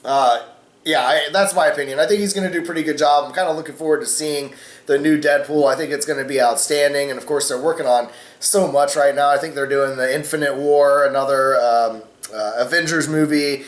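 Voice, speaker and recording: A man's voice: fairly high pitch, fairly even intonation, a little fast, reverberant. A man hosting a casual opinion vlog, rambling with many fillers and cussing freely. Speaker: vlogger host.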